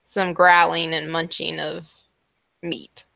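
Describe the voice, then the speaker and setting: A woman's voice: deep voice, little pitch movement, slow, gravelly, sharp tone, dry recording. A woman narrating a tabletop game as game master, descriptive and loose, with many "like"s. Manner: descriptive, full of "like" and chuckles.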